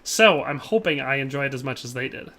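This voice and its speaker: A man's voice: mid-range voice, expressive, fairly quick, pushed and bright. A man live-streaming a shooter game, chatting casually and reading viewer comments, rambling and tacking playful tag phrases onto his lines. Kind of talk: casual gameplay commentary while reading chat.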